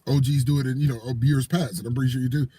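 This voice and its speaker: A man's voice: medium pitch, steady tone, very fast, mellow, husky, no echo. A man co-hosting a casual call-in talk show, rambling through stories, laughing often and acting out what people said. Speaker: co-host, nightclub door worker. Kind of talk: casual storytelling chat.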